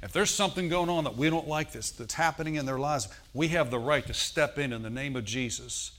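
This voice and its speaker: A brisk, slightly bright, medium-pitched pastor delivers a sermon full of stories. He imitates the voices within them and calls on the congregation for amens.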